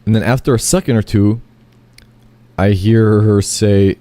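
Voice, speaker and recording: A man's voice: fairly low pitch, steady tone, measured pace, mellow, dry recording. A man telling a long, rambling first-person story, full of fillers, self-corrections and casual swearing.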